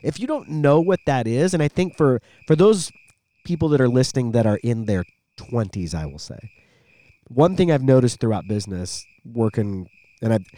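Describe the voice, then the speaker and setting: Lively middle-aged man telling stories on a podcast. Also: medium pitch, no echo. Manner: animated storyteller, former radio voice guy. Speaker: podcast co-host. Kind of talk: casual podcast chat.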